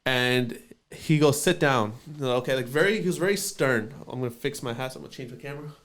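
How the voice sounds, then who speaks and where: A man's voice: mid-range voice, fast, a bit bright. Casual man with lots of fillers. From Canada. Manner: loose, swearing, many fillers. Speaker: podcast host. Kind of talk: casual storytelling.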